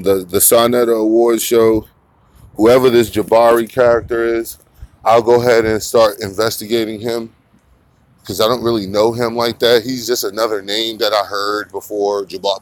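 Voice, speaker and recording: A man's voice: fairly low pitch, level tone, normal speed, no room sound. A man hosting a casual morning commentary, rambling and profane, mocking his targets and laughing often. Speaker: commentary channel host.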